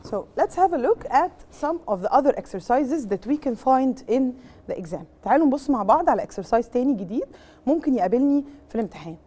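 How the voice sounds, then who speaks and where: A woman's voice: high-pitched, big pitch swings, racing, warm tone. A woman with an Egyptian accent teaching an English revision lesson, explaining each point in English and then in Arabic and quizzing her pupils as she goes. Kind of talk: bilingual exam revision lesson.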